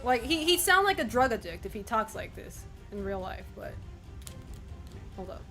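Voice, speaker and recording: A young woman streaming a game, commenting as she plays, excitable, swearing and laughing often. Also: mid-range voice, moderate pace, creaky. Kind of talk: gameplay commentary. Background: game music.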